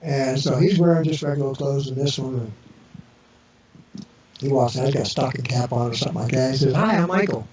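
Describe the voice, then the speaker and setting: A man with a medium-pitched, level voice speaks briskly yet with long pauses as an interview guest. He rambles through casual anecdotes with fillers and restarts, doing the voices of characters in his tales. The sound is echoey, distant and muffled internet radio, with crowd noise behind him.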